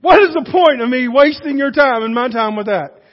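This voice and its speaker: A man preaching a sermon, telling a folksy story with lively animation. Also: very high-pitched, moderate pace, big-room sound, dull audio. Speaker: pastor.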